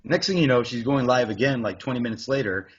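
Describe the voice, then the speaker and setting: This thirtysomething podcast co-host speaks fast in a husky, medium-pitched, animated voice. He's spinning a casual, crude, meandering yarn full of swearing, and the lo-fi recording sounds dull.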